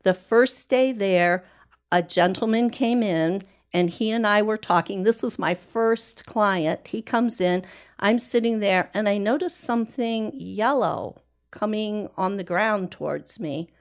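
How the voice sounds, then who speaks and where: A woman guest tells a personal story in an earnest, deliberate way. Her pitch sits in the middle range and she takes her time over each phrase.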